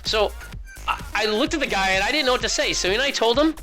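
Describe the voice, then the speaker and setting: Bright-voiced rambling male caster. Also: extremely high pitch, animated, fast talker, soft background music. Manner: rambling, joking, storytelling. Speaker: esports caster. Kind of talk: casual chat.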